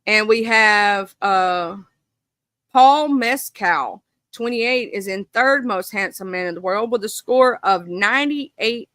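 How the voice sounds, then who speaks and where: On a live stream, a woman with a bright, sharp voice pitched a little high chats casually, reading through a list before breaking into indignant, swearing asides to her viewers. The recording is close and dry, with no room sound.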